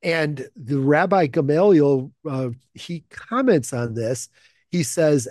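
A man's voice: a little high, expressive, slow, darkish tone, no echo, clean studio sound. A man leading an informal Bible study, talking through a passage conversationally, asking rhetorical questions and often restarting his phrases. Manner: conversational, thinking aloud with frequent fillers and restarts.

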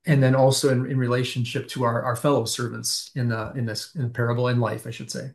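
Male pastor, mid-pitched, reflective and halting; for a panel discussion. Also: flat delivery, creaky. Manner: thoughtful, halting with frequent restarts. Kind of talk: discussion of a Bible parable.

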